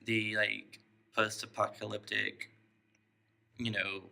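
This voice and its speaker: Picture a young man with a drawl, chatting loosely on a podcast. His voice sits low and has a gravelly fry, yet the tone comes out very bright. He keeps poking fun at himself. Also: flat delivery, slow. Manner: joking, self-mocking, laughs often. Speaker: podcast host. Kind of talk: casual chat.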